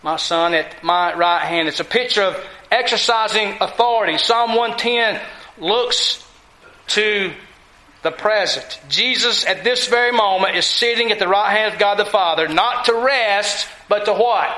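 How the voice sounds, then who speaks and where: A man preaching a sermon in a high, bright voice. He leans on key words and puts rhetorical questions to the congregation. The sound rings around an echoey hall. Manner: asks the congregation rhetorical questions, deliberate emphasis.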